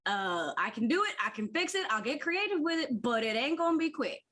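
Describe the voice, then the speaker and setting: A woman's voice: high voice, sing-song, a little fast, bright, forceful tone, exaggerated voice. A woman voicing an anxious young female mechanic with a put-on Southern American drawl. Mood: folksy. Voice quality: drawling twang.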